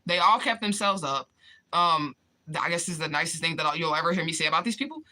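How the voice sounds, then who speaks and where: Bright-voiced woman chatting frankly on a livestream. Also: sits low, lively intonation, fast talker. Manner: candid, profane, laughs often, answers viewers directly. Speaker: livestream vlogger reading chat comments. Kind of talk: casual livestream chat.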